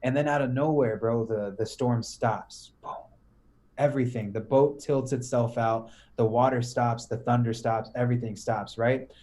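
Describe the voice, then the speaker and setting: A man's voice: medium pitch, moderate pace. A man who is a podcast guest, telling a story as a casual, slang-heavy pep talk. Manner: slangy, animated, says "bro" and "right?" often.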